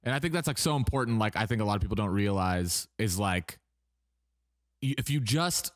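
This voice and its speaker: A man hosting a podcast in casual chat, quick to jump in and finish his guest's sentences. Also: fairly low pitch, lively intonation. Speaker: podcast host.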